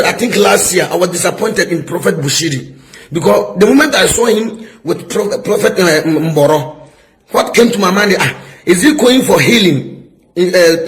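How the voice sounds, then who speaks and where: High-voiced emphatic preaching man. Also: fairly bright tone, low-quality recording. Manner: emphatic, repetitive, asks "is somebody getting my point?". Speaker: prophet. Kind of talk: preaching-style public rebuke.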